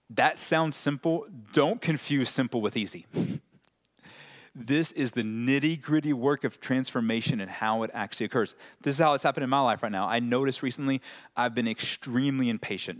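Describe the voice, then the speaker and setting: Casual, joking male preacher. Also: medium pitch. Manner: conversational and direct, with self-deprecating humor. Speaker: pastor. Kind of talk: sermon.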